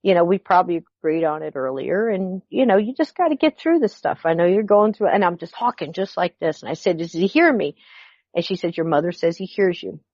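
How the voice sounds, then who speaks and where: A woman's voice: on the low side, brisk, no room sound. A middle-aged woman guest telling a personal story, acting out the dialogue as she goes. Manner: animated, acts out quoted dialogue. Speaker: podcast guest. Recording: dull lo-fi recording.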